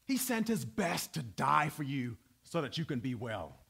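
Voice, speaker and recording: A male pastor preaching a sermon to his congregation, swinging between loud, emphatic preaching and quiet, low asides. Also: sing-song, moderate pace, gravelly, slightly rough. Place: church.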